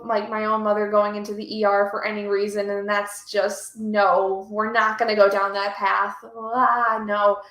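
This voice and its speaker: A woman's voice: high-pitched, a bit bright, reverberant. A woman hosting a reading stream, chatting casually and reading out chat messages, easily moved. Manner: chatty, emotional, reads chat aloud. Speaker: livestream host.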